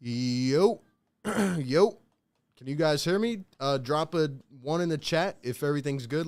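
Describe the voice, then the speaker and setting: Smooth-voiced man calling a game live. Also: on the high side, a little slow, a little mellow. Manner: slangy, talks straight to the chat. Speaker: live stream play-by-play host. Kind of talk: casual live play-by-play and reaction.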